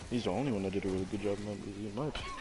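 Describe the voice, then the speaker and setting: A man's voice: lowish voice, rapid-fire, a loud crowd. A young man chatting casually while gaming, arguing his opinions with casual slang.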